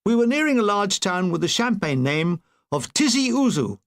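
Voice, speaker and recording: Man reading a memoir with deadpan wit. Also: high-pitched, moderate pace. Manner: deadpan, playful punning delivery. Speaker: narrator. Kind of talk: reading a comic war memoir aloud.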